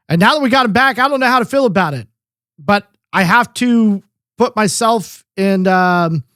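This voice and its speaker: A man with a notably high voice rambles through casual sports chat, swearing freely and leaning on "um" and "like". His voice is recorded up close and dry, with no room sound around it. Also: no room sound. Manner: profane, rambling, lots of fillers. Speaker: podcast co-host.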